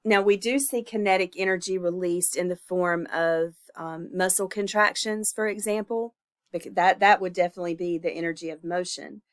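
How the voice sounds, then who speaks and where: A woman's voice: lowish voice, steady tone, moderate pace. A woman instructor recording a lecture, her voice stuffy and congested from illness, speaking informally with fillers and self-corrections.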